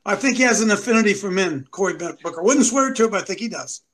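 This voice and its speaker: A man's voice: high-pitched, expressive, fast talker, a little hiss or hum, rough recording. A man hosting a show, giving combative, mocking commentary. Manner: preachy, mocking, rising to shouts. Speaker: show host.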